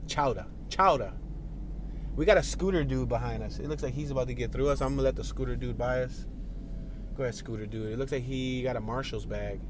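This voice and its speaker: A mid-range male voice with slight background noise comes from a car in city traffic. The driving tour vlogger chats casually as he drives the streets, laughing often and speaking to people outside.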